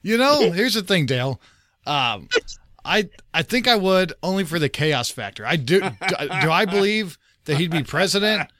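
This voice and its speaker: A man co-hosting a casual podcast chat, wry and opinionated, with a deadpan manner. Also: sits high, normal speed, no room sound. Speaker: podcast co-host.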